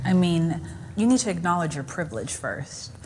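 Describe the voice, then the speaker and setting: Woman, lowish voice, earnest panel guest, measured, faint background noise. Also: sing-song. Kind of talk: panel discussion.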